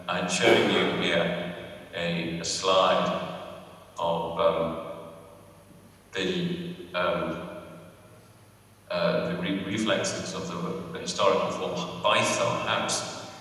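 A low-voiced man giving an academic lecture in a large hall, his tone bright and forceful. He talks hesitantly, with frequent fillers and restarts. He is picked up from a distance, with a long, roomy reverb. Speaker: lecturer on dialects. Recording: echoey hall, distant mic.

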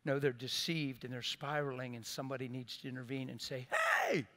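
Preaching a little fast with a steady tone and medium pitch, a middle-aged pastor delivers an earnest, impassioned sermon. He shifts from loud outbursts to soft, quiet asides.

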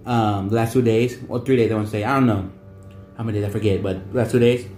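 A man's voice: on the low side, fairly even intonation, fast talker, darkish tone, roomy sound, soft background music. A man talking casually as he reviews noodles for his vlog, rambling and restarting his sentences often. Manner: rambling, repeats himself with many restarts and fillers. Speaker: vlogger.

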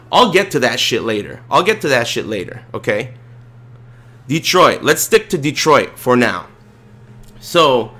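A man streaming, telling a casual, profane, rambling story with animated delivery. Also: mid-range voice.

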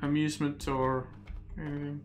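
A man's voice: a little high, little pitch movement, normal speed, soft background music. A man casually commenting on his game and reading in-game texts aloud, muttering to himself. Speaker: let's player.

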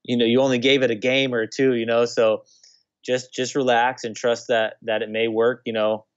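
A man's voice: mid-range voice, little pitch movement, normal speed, dry recording. Young male guest, casual storyteller, restarts often, muffled lo-fi sound. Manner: rambling, many restarts and "you know". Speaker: guest, former pro baseball player. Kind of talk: casual conversational interview.

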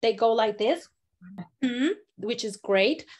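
Expressive storytelling teacher, woman, higher voice. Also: takes it slowly. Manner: expressive, encouraging, demonstrates lines with lively voice changes. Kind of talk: workshop instruction with acted demonstrations.

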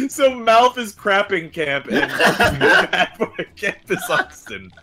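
A young man chatting casually during a party game, breaking into high squealing giggles. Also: pushed and bright. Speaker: stream regular. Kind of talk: casual chat while playing a party game.

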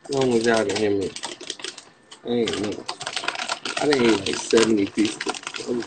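At a moderate pace and with background noise around him, the young DC-accented man rambles on a phone livestream. His talk is profane and excitable, punctuated by high, yelped quotes.

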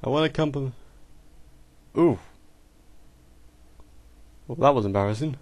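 A man's voice: mid-range voice, takes it slowly, long pauses, a little mellow, dry recording. A man giving casual let's-play commentary through a headset mic, often exasperated and talking back to the characters on screen. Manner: exasperated, talks to the game characters, mild swearing. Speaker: gamer doing a let's play.

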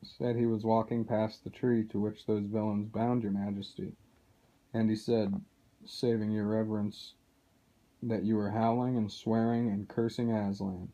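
A man's voice: fairly low pitch, little pitch movement, unhurried, warm tone. A man reading aloud as a loyal male dwarf telling what he overheard, in a plain, earnest way. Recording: dull lo-fi recording.

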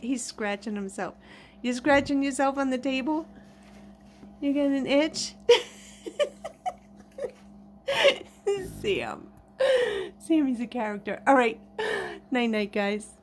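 A high-pitched female voice with slight background noise. At home at night, a pet vlogger chats casually with her viewers and talks to her pets in a sing-song baby voice.

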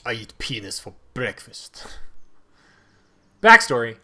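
A man's voice: medium pitch, fast, fairly bright tone. A man giving goofy, sarcastic commentary while playing a video game. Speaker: gameplay streamer. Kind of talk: joking commentary over gameplay.

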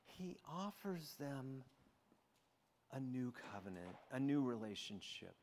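A man, a pastor, preaching a sermon and retelling scripture with expressive storytelling. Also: medium pitch, slow, big-room sound, slight background noise. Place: church sanctuary.

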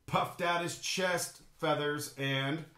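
A teacher reads a picture book aloud to a class of children, taking it slow and unhurried. His bright, fairly high voice rings in an echoey room, and he animatedly voices the animals with big roars and quacks.

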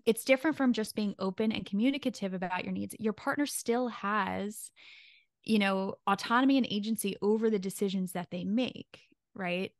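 A woman's voice: medium pitch, normal speed, no room sound, studio quality. A woman co-hosting a podcast as a therapist, explaining in a casual way and often checking in with "right?". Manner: explanatory, rhetorical questions with frequent "right?".

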